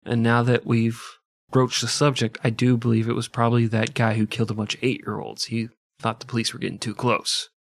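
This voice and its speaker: A man hosting a podcast, telling a history story casually, with sarcastic, profane, deadpan jokes. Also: mid-range voice, brisk, no echo. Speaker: podcast host.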